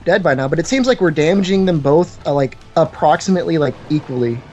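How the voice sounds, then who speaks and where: A man's voice: on the high side, lively intonation, fast, darkish tone, highs cut off, faint music behind. A man playing a co-op game with friends in casual chat, playful and laid-back. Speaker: co-op game partner.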